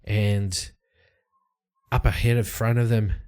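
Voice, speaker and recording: A man casually narrating his solo tabletop roleplaying game from his home study, relaxed and rambling. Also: on the low side, slow pace. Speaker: solo tabletop game player and channel host.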